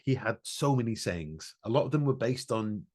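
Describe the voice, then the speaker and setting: In emotional, casual podcast talk, a male co-host reflectively and earnestly tells a personal story, starting over many times. His voice is fairly low, a little mellow and expressive, at normal speed.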